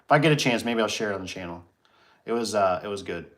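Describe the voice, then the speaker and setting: A man's voice: fairly low pitch, lively intonation, quick pace, a bit bright. A middle-aged man hosting a casual livestream, telling a story and reading chat comments, acting out his own reactions.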